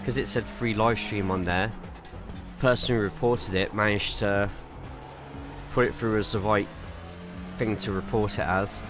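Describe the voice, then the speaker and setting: A man with an English accent and a slightly low voice chats casually on a live stream, drifting between track tips and replies to viewers. Music plays clearly behind him. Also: fairly even intonation, normal speed, long pauses. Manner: chatty, rambling, reads viewer chat aloud between driving tips. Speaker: sim racing streamer. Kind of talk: casual live-stream chat while driving.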